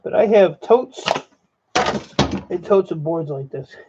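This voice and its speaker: A man's voice: on the high side, animated, slow. A man casually narrating as he sorts scrap circuit boards, rambling and blunt, talking to viewers. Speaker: e-waste scrapper vlogger. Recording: lo-fi dull audio with faint noise.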